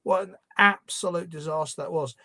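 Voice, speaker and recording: A man's voice: a little high, moderate pace, bright, forceful tone. Opinionated man hosting a live Q&A. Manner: opinionated, conversational, frequent ums and restarts. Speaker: livestream host. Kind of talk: live Q&A commentary.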